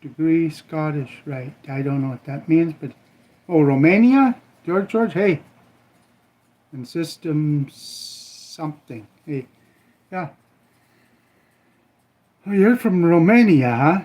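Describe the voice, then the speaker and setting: A man's voice: on the high side, expressive, slow, pauses often, darkish tone. Rambling older man from Minnesota. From Minnesota, USA. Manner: rambling, folksy, trailing off with "I don't know"; cooking while he talks. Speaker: livestream host. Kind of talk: casual live-stream chat.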